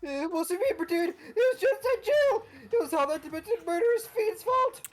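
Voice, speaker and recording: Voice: very high voice, expressive, moderate pace, soft background music, voice pushed up. Shrieking cowardly young man. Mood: panicked whining. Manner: shrieking, whiny, pleading.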